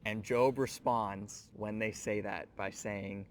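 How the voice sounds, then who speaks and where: A man's voice: fairly low pitch, fairly even intonation, slow pace, few pauses. A man hosting a scripture teaching show, speaking earnestly and reflectively, addressing the listener directly. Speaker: host of a Bible teaching show.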